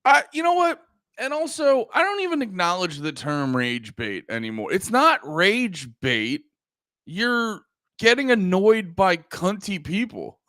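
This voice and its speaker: A man's voice: high-pitched, sing-song, a little slow, bright, forceful tone, no room sound, studio quality. A man in his thirties from the United States, hosting a casual livestream chat in a rambling, profane way with lots of fillers. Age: 30s. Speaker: livestream host.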